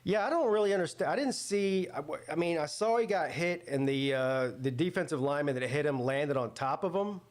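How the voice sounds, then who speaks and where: A man's voice: fairly high pitch, animated, fairly quick, few pauses. Rambling casual male stream host. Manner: rambling, thinks aloud with many fillers and restarts. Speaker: sports watch-party host. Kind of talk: casual live-stream commentary.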